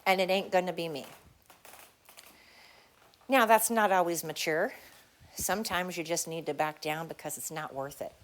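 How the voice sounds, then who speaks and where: A woman's voice: fairly low pitch, normal speed, pauses often. Woman, podcast host, solo rant, heated, blunt, swearing, repeats for emphasis.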